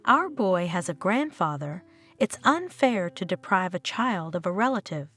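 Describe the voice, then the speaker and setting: An earnest young father pleads and worries in a storybook tale, as a woman narrator reads him. The delivery stays close to the narrator's own voice, with a lively, moving pitch. Faint music hums behind. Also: measured pace, exaggerated voice.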